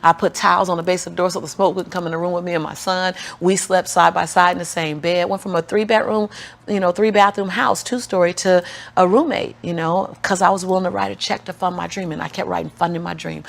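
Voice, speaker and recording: A woman giving an interview, telling a motivational story. She is animated and laughs often, acts out the people she quotes, and builds her message through repetition like a preacher. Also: on the low side, quick pace, creaky. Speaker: interview guest.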